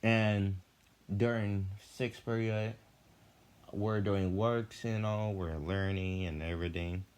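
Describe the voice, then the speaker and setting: Low-voiced young man rambling chattily. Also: takes it slowly, clean tone. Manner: loose and chatty, full of "like" and "you know"; often animated, with jumps in pitch and volume when retelling. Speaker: student vlogger. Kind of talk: rambling casual storytelling.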